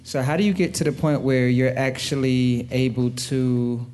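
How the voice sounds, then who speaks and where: A man's voice: mid-range voice, fairly even intonation, moderate pace, a little mellow. A man in the congregation asking the teacher a question, hesitant and searching for words. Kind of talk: casual question from the floor.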